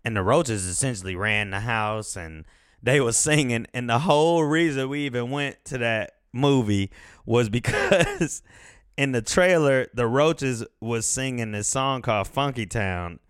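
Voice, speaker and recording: A man in his thirties hosts a casual podcast chat, rambling along, swearing freely and laughing as he talks. His medium-pitched, clean-toned voice is sing-song and unhurried, recorded in a clean studio with no echo.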